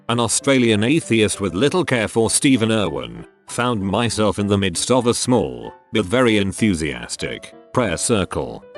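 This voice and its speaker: A man narrating online stories in a steady, scripted reading style. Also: lowish voice. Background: faint background music.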